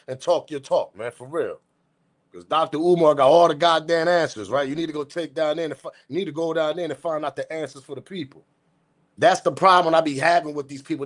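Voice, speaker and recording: A man hosting a news commentary channel, ranting in a profane, slangy, repetitive way, swinging from muttering to shouting. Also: fairly high pitch. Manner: profane, repetitive, slangy, keeps saying respectfully. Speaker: host.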